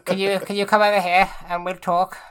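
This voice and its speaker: A woman's voice: mid-range voice, flat delivery, brisk, smooth, voice pushed up, natural voice, low-quality recording. A woman voicing an eloquent, genteel male character who chats politely and breezily with goblins. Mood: chummy polite. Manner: polite, breezy, upper-crust tone.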